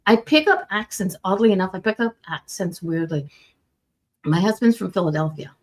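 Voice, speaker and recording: A woman's voice: medium pitch, moderate pace. A woman from Quebec hosting a casual chat, chatty and joking, laughing often. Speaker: host.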